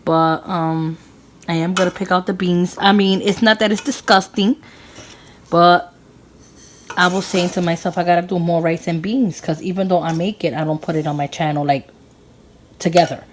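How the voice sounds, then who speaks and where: Woman, 30s, from Puerto Rico, lowish voice; relaxed kitchen vlogger, laughs a lot while tasting. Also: normal speed, a little hiss or hum, poor audio. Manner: excitable, laughs often, talks while tasting. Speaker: cooking channel host. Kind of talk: casual cooking vlog chat.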